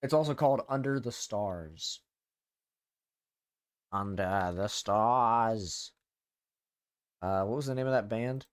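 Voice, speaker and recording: A man's voice: fairly low pitch, slow, pauses often, clean tone. A man streaming live as a VTuber, chatting casually, rambling and swearing freely.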